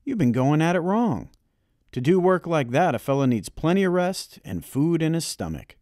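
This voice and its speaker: A booming old grandfather with a proud, kindly streak, as a man reads him in an audiobook. He speaks up loud and high above the narrator's own voice, his pitch swinging lively from word to word, every line hearty and encouraging. The sound is close and dry, with no room around it. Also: moderate pace, no room sound. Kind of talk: audiobook reading.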